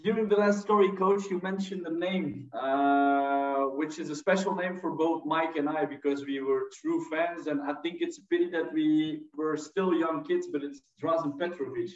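A man in his thirties with a Belgian accent asks questions politely, hesitating often. His voice sits a little high. The audio is distant, roomy and dull. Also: steady tone, normal speed, hardly any pauses. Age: 30s. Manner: polite, hesitant with many fillers. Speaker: podcast host. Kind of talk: interview questions.

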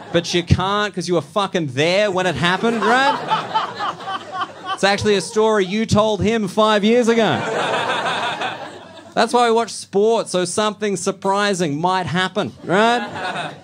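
A blunt Australian man performs stand-up in a comedy club, his voice sitting a bit high for a man. He talks casually and keeps checking in with the audience. The live recording is noisy.

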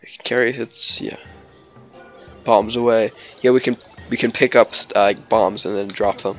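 A man's voice: fairly low pitch, steady tone, normal speed, dull audio, soft background music. A man narrating his gameplay in a casual, rambling way, full of "like" and restarts, with jokes and snatches of song. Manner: jokey, breaks into snatches of song and silly voices. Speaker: let's play host.

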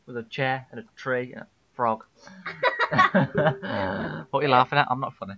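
A man's voice: mid-range voice, steady tone, moderate pace, long pauses, lo-fi sound. A British man hosting his own game live stream, chatting casually and teasing playfully. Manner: playful, jokey, teasing banter. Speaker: livestream host.

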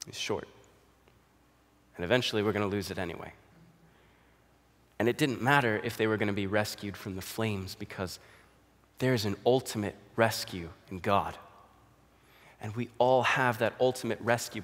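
A man's voice: fairly low pitch, fairly bright tone. A man preaching a sermon, explaining scripture and now and then acting out the quoted voices. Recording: long hall reverb.

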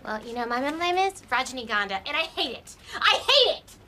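A woman's voice: sits high, lively intonation, fast talker, noisy background. An actress playing a bubbly, gossipy, self-absorbed young office woman in a sitcom, talking in chirpy, breathless chatter. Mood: whiny. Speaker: office customer service rep. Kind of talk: sitcom acting.

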